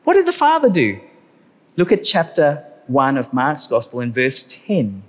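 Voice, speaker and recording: Male preacher, lively pitch, drawn-out emphasis on key words, echoing church hall. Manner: animated, stretches key words slowly for emphasis. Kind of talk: sermon. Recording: long hall reverb.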